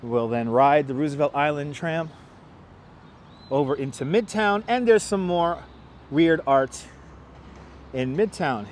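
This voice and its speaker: This New York live-streamer strolls city streets by a river, greeting each viewer in turn with casual upbeat energy over a wireless clip-on mic. He sits on the high side, speaks at a measured pace with frequent pauses, and there's slight background noise.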